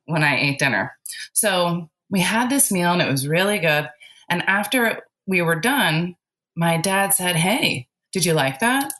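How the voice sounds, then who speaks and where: A woman's voice: lowish voice, expressive, measured pace, a bit bright. A woman telling a childhood story in a casual spiritual chat, laughing often and using lots of fillers. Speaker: podcast guest.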